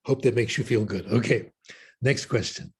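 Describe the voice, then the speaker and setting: A man giving a keynote talk and answering audience questions in an opinionated, animated way with wry asides. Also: medium pitch, moderate pace, breathy edge. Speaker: keynote speaker.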